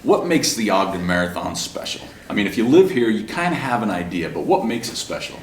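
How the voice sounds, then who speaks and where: A man's voice: fairly low pitch, very animated, a little fast, a little hiss or hum. A man hosting an interview, asking curious, loosely strung questions in a friendly way. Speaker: interviewer, host. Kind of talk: casual interview. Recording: roomy, mic at a distance.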